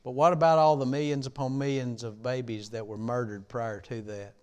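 A middle-aged man preaching a sermon in a church, repeating a question like a refrain and building from quiet reflection to impassioned shouting. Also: mid-range voice, fairly even intonation, fairly quick, clear, resonant tone. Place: church sanctuary.

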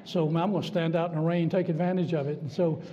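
Older guest preacher, folksy and emphatic, dark mellow tone, recorded in a reverberant sanctuary. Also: male voice, fairly high pitch, steady tone, fast talker. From Virginia. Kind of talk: sermon with jokes. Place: church sanctuary. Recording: dull sound with long church reverb.

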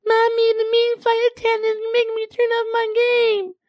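Man doing a high, whiny man-baby. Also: monotone, normal speed, no echo. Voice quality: high, whining, babyish.

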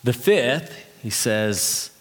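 A pastor delivering a sermon in a church, earnest and conversational with light humor. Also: male voice, medium pitch, lively intonation, very slow, fairly bright tone. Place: church sanctuary. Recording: long reverb of a large hall.

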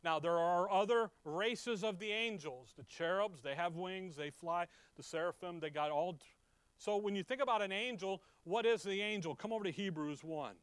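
A male preacher teaching from the Bible in a high, ringing voice that turns loud and then drops low. He keeps putting questions to the listeners. The sound is close and dry, with no room echo. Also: normal speed, clean tone. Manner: conversational, asks the listeners questions; emphatic, swings from loud to quiet.

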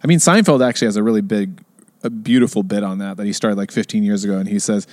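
A man's voice: quick pace, no echo, clean studio sound. A middle-aged man co-hosting a podcast, chatting casually and animatedly, acting out other people's lines. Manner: animated, acts out quoted voices in a higher pitch. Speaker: podcast co-host. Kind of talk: casual chat.

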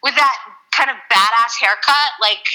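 A woman actress chatting casually in an interview, full of fillers and quick laughs. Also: fairly high pitch, pushed and bright, rough recording. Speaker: actress, guest.

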